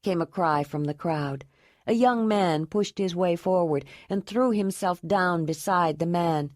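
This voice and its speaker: A woman narrates a novel in a steady, even voice. Her tone sits low, and the recording is dry and close. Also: a little slow, no echo. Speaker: audiobook narrator. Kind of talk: scripted narration.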